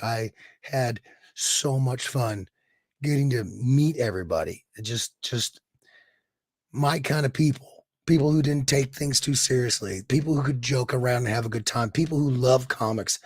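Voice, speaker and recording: Hoarse-voiced man chatting on his stream. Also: medium pitch, no echo. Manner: warm and effusive, reading chat aloud; rambling restarts and trailing into quiet mutters. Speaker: streamer host. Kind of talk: casual live stream chat.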